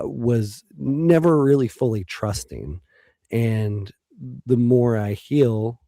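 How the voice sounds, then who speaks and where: Mellow, dry-voiced reflective man. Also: on the low side, no echo. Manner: reflective, hesitant, many ums and restarts. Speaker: guest. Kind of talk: casual interview talk.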